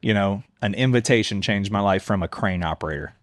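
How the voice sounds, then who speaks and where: Earnest man with a low, dry voice. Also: no room sound. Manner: earnest, candid, quick to laugh. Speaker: guest, mayoral candidate. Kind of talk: conversational storytelling. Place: on-site in a coffee shop.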